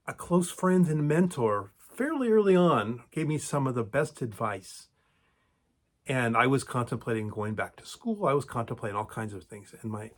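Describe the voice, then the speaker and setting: A middle-aged man hosting his own video channel, talking reflectively to camera with frequent restarts and lively rises in pitch on key words. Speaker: creator and host of a video channel. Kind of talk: reflective solo talk to camera.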